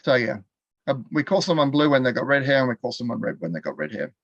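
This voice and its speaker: Fast and full of big pitch swings, a mid-range male voice leads a live online class from a computer; he's an Australian continuing education teacher. His style is chatty and laugh-filled as he quizzes the chat, and the lo-fi sound has no room sound.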